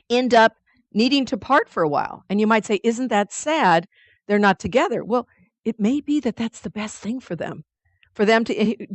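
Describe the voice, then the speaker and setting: Lively woman leading a study group. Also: on the high side, no echo. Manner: lively and conversational, with playful asides. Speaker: spiritual study group leader. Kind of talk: teaching a weekly study group.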